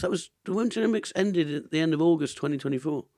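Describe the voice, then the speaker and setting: An English comedian hosting a casual chat, telling animated stories with plenty of laughing and swearing. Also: male voice, on the high side, very fast, dry recording, studio quality. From England. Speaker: comedian and podcast host.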